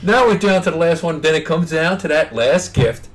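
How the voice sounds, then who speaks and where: A man co-hosting a podcast, telling a party story with lively acted-out quotes while getting over a cold. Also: a little high, moderate pace, noisy background. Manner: animated storyteller, acts out quotes with big swings. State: has a cold. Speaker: podcast co-host. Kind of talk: casual chat.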